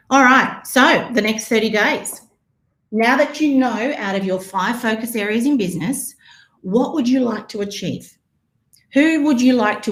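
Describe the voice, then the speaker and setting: A woman's voice: on the high side, reverberant. A woman presenting a live marketing workshop, talking energetically and calling her audience guys. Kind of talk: live online workshop talk.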